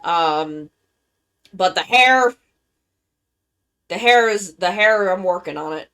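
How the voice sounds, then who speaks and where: A worn-out woman chatting casually with her live-stream viewers, halting and rambling as she recovers from being sick. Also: fairly low pitch, animated, sharp tone, clean tone. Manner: rambling, halting, with many restarts. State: worn-out and tired, recovering from illness.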